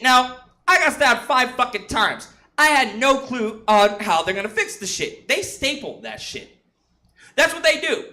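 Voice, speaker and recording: A man in his twenties from San Jose, California, performs a crude, rambling stand-up set on a comedy club stage, mocking himself and swearing throughout. His voice is extremely high-pitched with a sharp tone.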